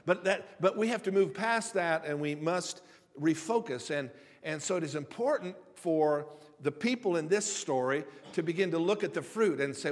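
A pastor delivering a sermon in a conversational way, stumbling over and repeating words and retelling stories with humor. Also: male voice, on the high side, lively intonation, normal speed. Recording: long hall reverb.

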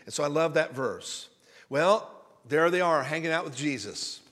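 A man's voice: on the high side, lively intonation, moderate pace, fairly bright tone. A male pastor giving a conversational sermon, folksy and rambling, often repeating words as he builds emphasis. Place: church sanctuary. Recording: reverberant hall sound.

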